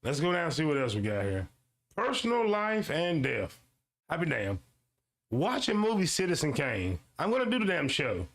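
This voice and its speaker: A man with a slightly high, gravelly voice hosts a streamed commentary show, slowly and deliberately reading a web page aloud. He animatedly breaks into quick asides aimed at his audience and often repeats a line to hammer it home.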